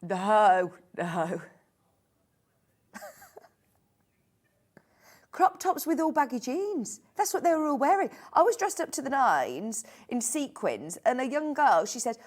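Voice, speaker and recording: A woman's voice: high voice, very animated, measured pace, long pauses. A middle-aged woman presenting a live TV shopping show in a studio, chatty and enthusiastic as she gushes over products.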